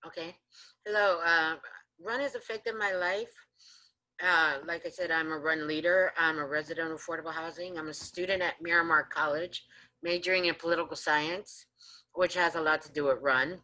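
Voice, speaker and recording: A woman housing advocate answering interview questions on a video call, telling her stories in an animated way and acting out what people said. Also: low-pitched, moderate pace, rough recording. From San Diego area, California. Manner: animated storyteller acting out her own quotes. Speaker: housing advocate and resident leader. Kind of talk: storytelling in a panel interview.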